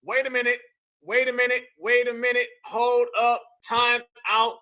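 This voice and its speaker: A man's voice: very high-pitched, completely flat delivery, normal speed, bright, forceful tone. A man hosting a casual reaction commentary, incredulous and slangy. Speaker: host reacting to clips.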